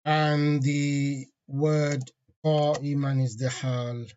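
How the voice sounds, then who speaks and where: A man teaching an online grammar lesson, patiently repeating key terms and running quickly through analysis phrases. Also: fairly high pitch, flat delivery, a little mellow, muffled recording.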